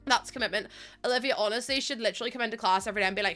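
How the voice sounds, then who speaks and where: A woman's voice: a little high, very fast, pushed and bright, soft background music. A woman in her twenties chatting casually on a live stream, rambling and laughing often.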